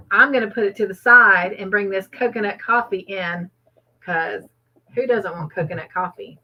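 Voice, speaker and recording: A woman hosting a casual live trivia stream from home, chatty and laughing often as she thanks viewers by name. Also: medium pitch. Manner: chatty, laughs often, reads chat names aloud. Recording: dull lo-fi stream audio.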